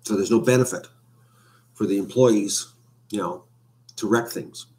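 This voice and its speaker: A man's voice: lowish voice, unhurried, darkish tone. A man chatting casually on a home live stream, rambling and hesitant with many fillers. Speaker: vlogger. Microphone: webcam.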